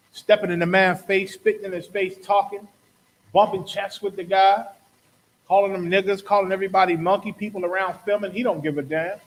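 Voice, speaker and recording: A man with a high-sitting voice hosts a podcast talk show, captured on a rough recording. He delivers impassioned, preachy religious commentary in a rhetorical style, acting out the quotes he cites.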